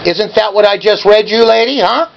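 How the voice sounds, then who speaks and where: A man's voice: sits high, moderate pace, creaky, dull audio, a little hiss or hum. Angry older man ranting on a call. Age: 70s. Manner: confrontational, badgering, ranting. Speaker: caller.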